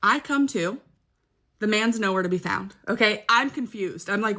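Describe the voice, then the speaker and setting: A woman's voice: medium pitch, lively intonation, a little slow, sharp tone. A young woman casually telling a personal story, chatty and dramatic, often checking in with her listener. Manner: chatty, keeps checking in with "okay?".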